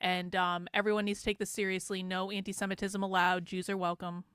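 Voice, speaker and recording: A woman's voice: mid-range voice, little pitch movement, brisk, heavy background noise. A woman host from New Hampshire, sarcastically commenting on video clips in a blunt, casual way. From New Hampshire, USA. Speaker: show host reacting to clips.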